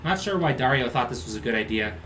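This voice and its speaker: A man's voice: mid-range voice, lively intonation, fast, noisy background. A man streaming a video game, chatting casually and reading its dialogue aloud in voices. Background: game music.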